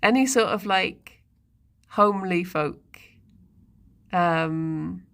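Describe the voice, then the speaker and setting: A woman streamer musing aloud in casual live-stream chat, talking to her viewers and her pets. She speaks at an unhurried, drawn-out pace with a gravelly fry in her voice. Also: on the low side, a bit bright. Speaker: livestreamer.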